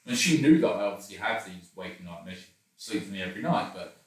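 A man's voice: sits low, animated, fast talker. Rambling man, roomy distant recording. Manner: rambling, self-deprecating, laughs often. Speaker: interview guest. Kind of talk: candid personal conversation.

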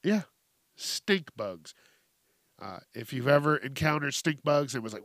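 A man hosting a solo podcast in a casual, profane, animated rant, acting out quotes and jumping between topics. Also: mid-range voice, a little slow, no room sound, clean studio sound. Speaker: podcast host.

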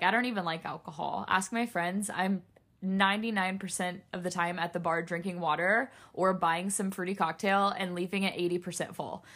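A woman's voice: lowish voice, a bit bright. A young woman hosting a solo podcast, speaking earnestly and emotionally straight to her listeners, near tears. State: tearful. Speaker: podcast host.

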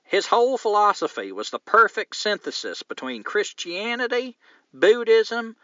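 A man's voice: high-pitched, sing-song, measured pace, sharp tone, no room sound, highs cut off, voice pushed up, exaggerated voice. A man reading a male listener's letter in a put-on Southern US accent, raised and emphatic.

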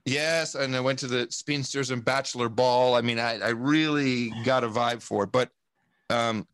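A man's voice: mid-range voice, fairly even intonation, moderate pace, a bit bright, clean tone, no echo. Guy ranting casually in an interview, swears a lot, lots of restarts, dry close sound. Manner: profane, rambling and emphatic, with many restarts. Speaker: podcast guest. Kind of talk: casual conversation.

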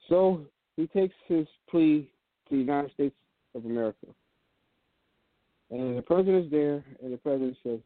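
An older man hosting a Christian talk show, telling a story in a relaxed way with many fillers, over a phone line. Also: on the high side, moderate pace, no echo. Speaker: host.

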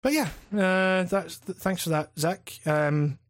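A man's voice: high-pitched, slow pace. A Scottish man co-hosting a podcast in casual chat, rambling with many fillers and restarts, swearing casually. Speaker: podcast co-host and video essayist.

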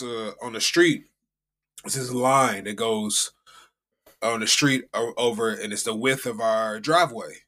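Podcast co-host, male, from the States, loose slangy storyteller, mid-pitched voice. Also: pushed and bright. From United States. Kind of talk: casual chat. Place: home.

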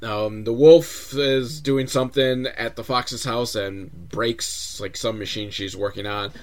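A man's voice: mid-range voice, fairly even intonation, measured pace. A man hosting a comedic movie recap, sarcastic, profane and rambling. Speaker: host, film reviewer.

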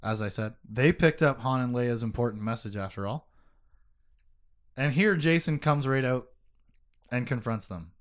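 A man hosting a casual book discussion podcast, animated, laughing often and swearing casually as he reads passages aloud. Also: mid-range voice. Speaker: podcast host.

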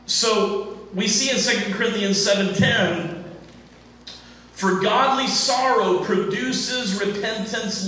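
A male pastor preaching a sermon in a church, speaking deliberately in short phrases, often repeating and restarting words. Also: sits high, bright, forceful tone. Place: church sanctuary. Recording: echoey church from far off.

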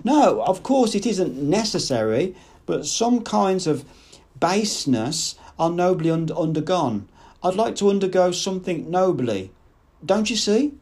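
A man reading an audiobook, voicing an earnest, lovestruck young man who speaks in a halting, desperate, impassioned way. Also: high voice, very animated, a little mellow, voice pushed up, exaggerated voice. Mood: pleading.

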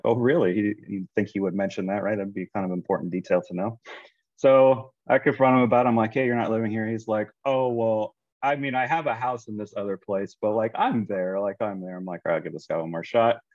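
A man casually telling a long personal story, animated and acting out what others said. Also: low voice, dry recording, dull audio. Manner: animated, quotes people in his own voice.

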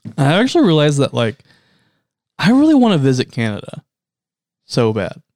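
A man's voice: a little high, wildly swooping pitch, normal speed, a little mellow, no room sound. Casting note: young American guy, casual co-host, cursing and laughing, dry close sound. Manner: profane, joking, laughs often. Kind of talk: casual chat.

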